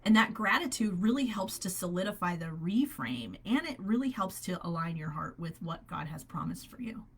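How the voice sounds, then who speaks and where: Animated woman coaching with upbeat conviction. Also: on the low side, normal speed, slightly rough. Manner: animated, upbeat, laughs often. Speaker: holistic health coach. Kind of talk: live faith-based coaching call.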